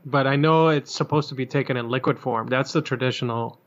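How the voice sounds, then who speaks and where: A man in casual chat, speaking loosely with pauses and casual swearing. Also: medium pitch, fairly even intonation. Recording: dull lo-fi sound.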